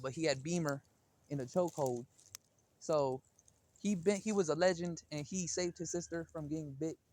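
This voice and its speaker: Slangy, talkative man vlogging outdoors. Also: fairly high pitch. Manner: slangy and talkative, calling out to a cat. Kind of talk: casual vlog storytelling. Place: outdoors in a backyard.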